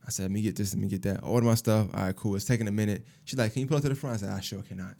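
A man in his thirties telling stories in a casual chat, animated and laughing, acting out what people said. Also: fairly low pitch, very fast, creaky. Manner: animated, laughing, cursing, acts out quotes. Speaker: podcast co-host.

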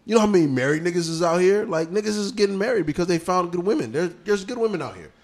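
A man co-hosting a podcast, tipsy and loud, bantering with lots of laughter and swearing. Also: high voice, lively intonation, fast talker. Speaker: podcast co-host. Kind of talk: casual chat.

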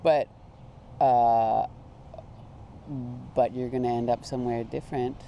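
A man, a musician, talking casually in an interview, halting and restarting his sentences. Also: medium pitch, fairly even intonation, vocal fry, mellow. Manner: halting, restarts, laughs easily. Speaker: musician guest. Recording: faint street and traffic noise.

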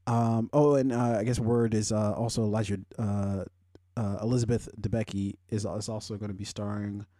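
Mellow-voiced man rambling profanely. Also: steady tone, normal speed, dry recording, clean studio sound. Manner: rambling, profane, heavy on fillers; pitch jumps high when worked up. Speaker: podcast host. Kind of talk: casual solo commentary.

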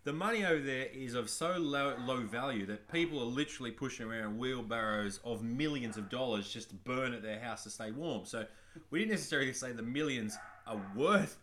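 A man's voice: medium pitch, brisk, a bit bright, a little hiss or hum. A man co-hosting a comedy podcast, chiming in with dry jokes and riffs. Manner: dry jokey interjections. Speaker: podcast co-host. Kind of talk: casual comedic chat.

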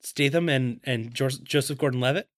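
A man co-hosting a podcast, recapping a movie with dry, deadpan quips in casual chat. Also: medium pitch, normal speed, no echo. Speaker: podcast co-host.

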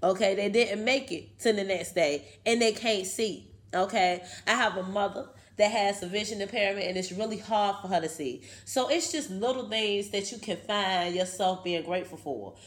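A woman's voice: medium pitch, moderate pace, few pauses. A woman, giving a casual, emphatic motivational talk to her viewers and tagging many lines with "okay". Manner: chatty, emphatic, keeps saying okay. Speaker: video host.

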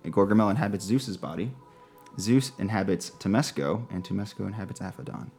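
A man narrating a tabletop role-playing game as game master, slowing down to describe scenes, laughing and swearing casually. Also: on the low side, gravelly, a little mellow, breathy edge, soft background music.

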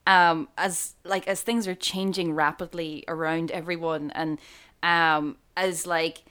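A woman from Ireland co-hosting a casual film podcast, her voice a little low for a woman. She talks in a wry, sarcastic way and rambles with plenty of fillers as she explains her thoughts. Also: flat delivery, takes it slowly, a bit bright, clear, resonant tone. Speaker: podcast co-host.

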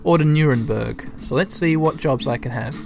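A man's voice: a little high, moderate pace, vocal fry, over music. A man giving casual gameplay commentary as a let's-play host, chatty and thinking aloud as he talks to his listeners.

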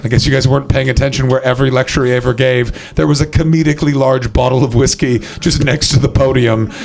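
A male stand-up comedian with a gravelly, creaky voice works the crowd on a club stage. His delivery is wry and teasing, with casual swearing, close on a handheld mic. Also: mid-range voice, fairly even intonation, quick pace. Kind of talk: improvised stand-up with crowd work.

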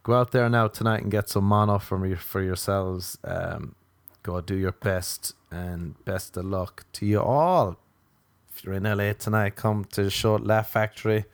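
An Irish man, a comedian hosting a podcast, telling a story in a deadpan, monotone manner with casual swearing. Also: lowish voice, moderate pace, creaky, dry recording.

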